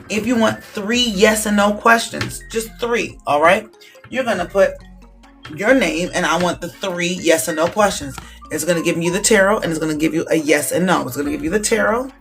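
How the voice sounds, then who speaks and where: A tarot reader hosts a live-stream session and runs through the card decks in a loose, chatty way. The voice sits at a middle pitch and keeps checking in with listeners. A little music plays quietly in the background. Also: moderate pace. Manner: casual, chatty, checks in with "okay?" often.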